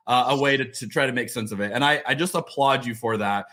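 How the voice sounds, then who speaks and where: A man's voice: medium pitch, animated, quick pace, hardly any pauses, sharp tone. A middle-aged man hosting a podcast, talking casually with many restarts and fillers. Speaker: podcast host. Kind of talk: casual interview chat.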